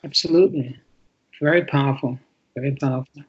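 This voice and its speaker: A man's voice: medium pitch, fairly quick, breathy edge. An older man, an author and interview guest, talking casually and expressively, stressing words as if reading aloud, over muffled lo-fi audio.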